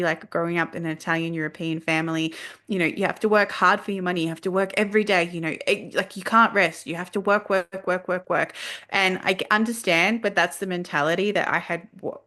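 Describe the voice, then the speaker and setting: A woman, a guest on a podcast, telling her story in a lively way and acting out what she said at the time. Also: on the low side. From Australia. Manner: animated storyteller who acts out her own past lines. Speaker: guest, leadership coach. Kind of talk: casual podcast conversation.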